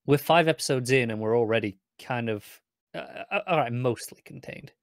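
A man's voice: medium pitch, fairly quick, dry recording, clean studio sound. A man co-hosting a TV review podcast, wry and teasing, with stammered starts. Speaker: podcast co-host. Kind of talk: casual chat reviewing TV episodes.

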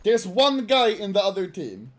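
A man's voice: high voice, very animated, moderate pace. Shrieking, laughing young man on a gaming stream. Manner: laughs constantly, bursts into loud shrieks of disbelief. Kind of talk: excited gaming stream banter. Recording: noisy background hiss.

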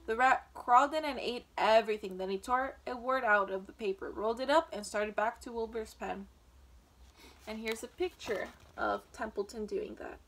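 A woman reads a children's chapter book aloud in a gentle teacher's manner, now and then stumbling and restarting a word. Her voice sits a touch high. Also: moderate pace. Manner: gentle, with small slips and restarts.

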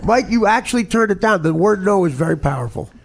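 A man's voice: high voice, lively intonation, fast, background noise. A man hosting a casual comedy talk show, teasing and mocking his guest with profane banter. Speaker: host.

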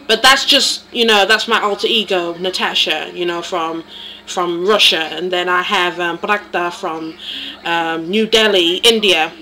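A woman's voice: on the low side, a little slow, pushed and bright, soft background music, rough recording. A woman from England with an English accent, casually introducing herself and her comic voices. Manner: chatty, rambling. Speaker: vlogger showing comic voices.

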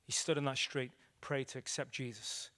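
A man with a medium-pitched, fairly bright voice speaks at normal speed with fairly even intonation. He's an evangelist from Liverpool, England, animatedly enacting dialogue as he preaches a storytelling sermon to a room in a church meeting room with an audience.

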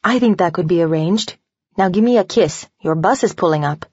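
A woman narrator voicing a patient young mother who talks softly and reassuringly. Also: fairly low pitch, fairly quick, breathy edge, no echo, lo-fi sound. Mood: gentle.

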